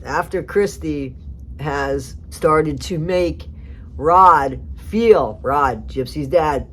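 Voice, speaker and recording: A woman's voice: sits low, a little hiss or hum. A woman giving casual, rambling commentary on a TV clip, chatty with sarcastic asides. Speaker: commentary vlogger.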